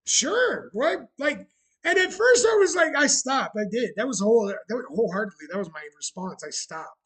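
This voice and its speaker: Chatty high-voiced husky man. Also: lively intonation, moderate pace, low-quality recording. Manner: chatty and sarcastic, shouting greetings to viewers. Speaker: streamer running a bar roleplay channel. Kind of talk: casual live-stream chat.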